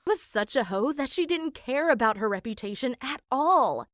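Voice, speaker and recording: A woman's voice: high-pitched, expressive, normal speed, dry recording, studio quality. A woman voicing an eighteen-year-old girl narrating her own story in an animation, in a plain, matter-of-fact way, as scripted first-person narration. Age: young adult.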